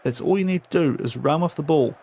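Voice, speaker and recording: A man's voice: on the high side, brisk, vocal fry, dark tone, a little hiss or hum. A young man streaming a football management game, talking casually and scolding his virtual players in exasperation. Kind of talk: casual live-stream commentary.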